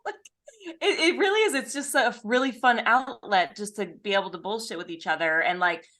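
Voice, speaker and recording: A woman co-hosting a podcast in relaxed, casual chat. Her voice sits at a middling pitch. She talks easily, laughs often and pokes fun at herself. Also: brisk. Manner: chatty, self-deprecating, laughs often. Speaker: podcast co-host.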